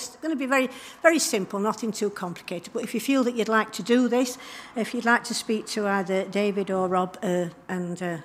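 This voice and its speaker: A woman giving church notices and a talk during a service, chatty and friendly with frequent ums and throat clearing. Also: medium pitch. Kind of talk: church notices and informal sermon.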